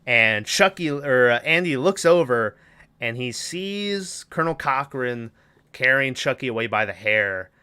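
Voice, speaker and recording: A man's voice: mid-range voice, sing-song, measured pace, bright, forceful tone, smooth. A man hosting a podcast, recapping a film in a rambling, casual way, swearing and acting out lines. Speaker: podcast host.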